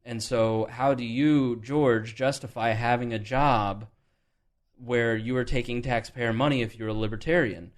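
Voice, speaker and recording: A man's voice: medium pitch, steady tone, a little slow. A man hosting a podcast, talking candidly and thinking aloud in a casual political discussion. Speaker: podcast host.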